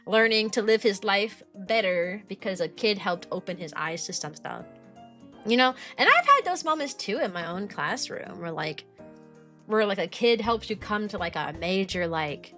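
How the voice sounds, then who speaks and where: A young woman streaming as a VTuber, chatting casually and rambling with lots of "like". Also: mid-range voice. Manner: rambling, lots of "like", bubbly and animated. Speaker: VTuber streamer and kindergarten teacher. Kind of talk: casual stream chat answering viewers.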